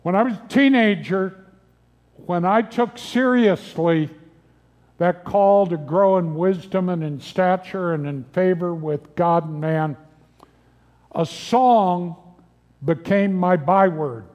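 An older male pastor preaching a sermon, earnest and measured, asking rhetorical questions of his listeners. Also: high voice, darkish tone, long reverb tail, dull audio.

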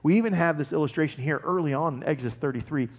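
A male pastor giving a casual, conversational sermon, animated and laughing often as he tells stories. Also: on the high side, very fast, big-room sound, highs cut off.

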